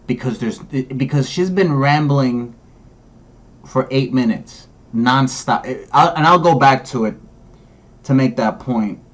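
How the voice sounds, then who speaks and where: A man with a mid-pitched voice talks through a comedy set in a wry, rambling way. He drags out his remarks as he critiques the act. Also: slow pace. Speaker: commentary host. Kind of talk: casual comedy commentary.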